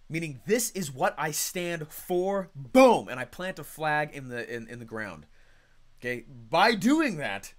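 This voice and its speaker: Energetic man leading a coaching call. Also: fairly high pitch. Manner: energetic, conversational, reads chat comments aloud. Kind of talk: live online coaching call.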